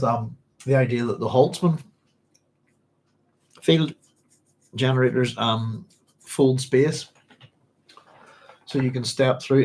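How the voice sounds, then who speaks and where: A man's voice: mid-range voice, a little mellow, slightly rough, low-quality recording. A man hosting a live book club chat, rambling with many ums and restarts, with hiccups and a sore throat. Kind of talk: casual live-stream chat.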